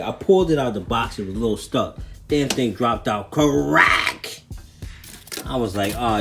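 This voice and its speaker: A man's voice: on the low side, darkish tone, slight background noise. A man casually talking viewers through his RC car parts in a home kitchen, loose and slangy. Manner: loose, slangy, chatty, addresses viewers as people. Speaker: RC hobby vlogger. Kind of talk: casual how-to vlog.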